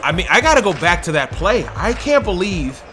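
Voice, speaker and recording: High-voiced man shouting play-by-play over game music. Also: fairly quick. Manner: animated, often shouting, openly indignant over calls. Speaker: play-by-play commentator for a video game stream. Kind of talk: excited play-by-play commentary.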